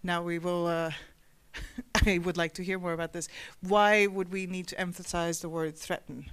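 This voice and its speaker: A woman moderating a panel discussion, reading an introduction in a measured way. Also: fairly low pitch, flat delivery, clear, resonant tone. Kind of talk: scripted introduction, then moderating.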